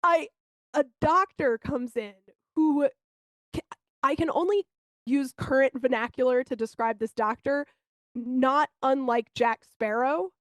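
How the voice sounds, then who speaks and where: A woman co-hosting a podcast, telling candid, animated stories in casual chat and swearing now and then. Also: high-pitched, measured pace, no echo. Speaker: podcast co-host.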